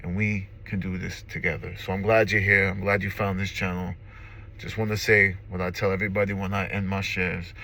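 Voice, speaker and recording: A man in his forties talks in a fairly low, tense, forceful voice. He is earnest and emotional, close to tears, and he keeps coming back to the same short slogans. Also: little pitch movement, brisk, vocal fry. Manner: earnest and emphatic, repeats slogans. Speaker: recovery vlogger. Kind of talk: personal testimony to camera. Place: car.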